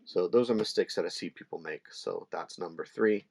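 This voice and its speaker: A middle-aged man teaching ukulele in a relaxed, chatty way, with fillers and small laughs. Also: low voice, moderate pace, vocal fry, breathy edge. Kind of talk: casual instructional talk. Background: ukulele playing between phrases.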